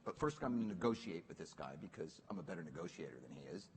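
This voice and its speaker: A middle-aged man on stage telling a lively, self-mocking story and laughing through his lines. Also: sits low, fast, big-room sound, background noise. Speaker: panel guest. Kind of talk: animated onstage storytelling. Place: stage at a public talk.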